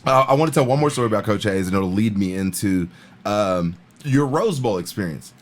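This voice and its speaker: A man's voice: on the low side, lively intonation, brisk. A man in his thirties hosting a podcast, telling stories in a rambling, profanity-laced casual chat. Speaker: podcast host.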